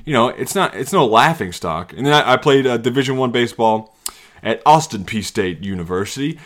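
A man in his thirties hosting a solo podcast from his basement. He rants and jokes, jumping from loud mocking bits to low muttered asides. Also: lively intonation, brisk. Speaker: podcast host. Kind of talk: solo comedic rant. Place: home basement.

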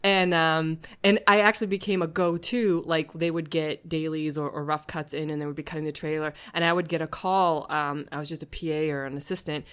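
A woman's voice: sits low, a little fast, hardly any pauses, smooth. A woman in her thirties, a podcast guest, telling a casual story and acting out the voices of people she quotes. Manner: animated, acts out quoted voices.

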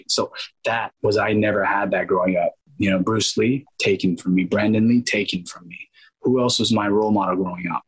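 A man, an actor guest in an interview, telling animated stories and acting out quoted dialogue in other voices. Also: fairly low pitch, fairly quick, slightly rough, poor audio. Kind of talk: casual interview storytelling.

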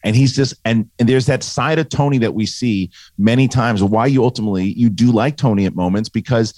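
A man co-hosting a podcast in casual review chat, animated, acting out lines he quotes. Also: mid-range voice, brisk, no echo. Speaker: podcast co-host.

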